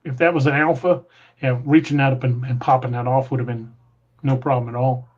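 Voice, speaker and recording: A man's voice: mid-range voice, steady tone, a little fast. A man hosting a podcast in casual chat, telling a story in a rambling way with frequent restarts. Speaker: podcast host. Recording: muffled lo-fi audio.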